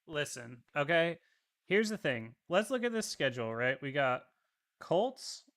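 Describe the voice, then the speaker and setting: Male podcast co-host, high-pitched, animated ranting sports talk with plenty of swearing. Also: measured pace. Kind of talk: casual sports chat.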